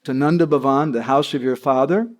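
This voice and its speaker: A man's voice: mid-range voice, brisk, natural voice. A man voicing a village cowherd woman who insistently scolds as she tells a story. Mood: triumphant.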